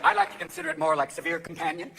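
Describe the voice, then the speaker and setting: Male stand-up comic, manic and shouty, high bright voice, live show with faint audience noise. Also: wildly swooping pitch, creaky. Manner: manic, rapid voice switching, shouting bursts. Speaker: stand-up comedian. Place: live comedy stage with laughing audience. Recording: live show audio with crowd laughter.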